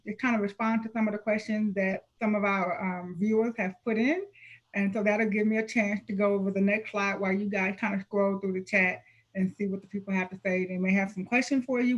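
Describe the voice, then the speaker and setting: A woman's voice: medium pitch, steady tone, fairly quick, lo-fi sound. A woman hosting an online panel on a video call, affirming her guests and moving the session along. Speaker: host.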